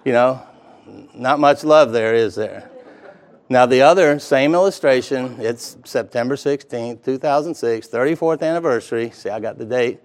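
A man in his fifties preaching a sermon, earnest, slowing down to stress key words. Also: medium pitch. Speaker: pastor.

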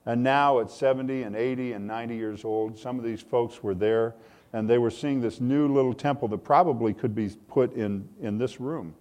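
A man's voice: on the low side, darkish tone. A man preaching a sermon as pastor, speaking with rising emphasis and reading scripture aloud.

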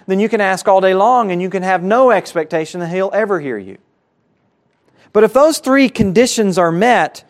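High-voiced emphatic male preacher. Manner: emphatic, rising on bold prayer quotes and dropping low for key points. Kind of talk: sermon.

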